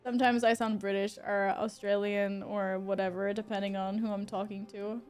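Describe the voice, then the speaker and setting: A woman's voice: mid-range voice, flat delivery, moderate pace, a little mellow, clean tone, soft background music. A woman who grew up speaking Swedish, streaming a game and chatting casually with her viewers, humming to herself between remarks. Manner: chatty, talks to chat while playing, hums to herself. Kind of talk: casual gameplay chat.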